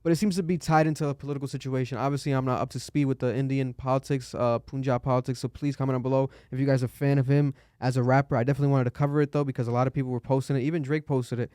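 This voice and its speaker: A young man hosting a casual podcast chat, animated and swearing freely, his voice jumping up when he is exasperated. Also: mid-range voice, very fast, few pauses, clear, resonant tone, no echo, clean studio sound. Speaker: podcast host.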